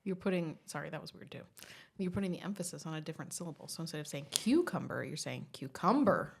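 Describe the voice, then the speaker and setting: A woman's voice: low voice, very fast, vocal fry, a little mellow. A woman in her thirties co-hosting a podcast, chatting casually, laughing often and explaining things patiently. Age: 30s. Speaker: podcast co-host. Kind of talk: casual chat.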